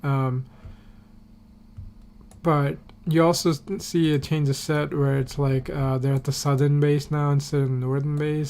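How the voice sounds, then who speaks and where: A man's voice: medium pitch, warm tone, slight background noise. A man recapping a TV episode on a podcast in a casual, rambling way, full of fillers and casual swearing. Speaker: podcast host.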